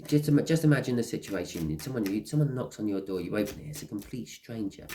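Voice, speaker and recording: A man's voice: fairly low pitch, lively intonation, fast, hardly any pauses, warm tone, slight background noise. A man giving a casual tarot reading, rambling and acting out little scenes as he talks. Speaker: tarot reader.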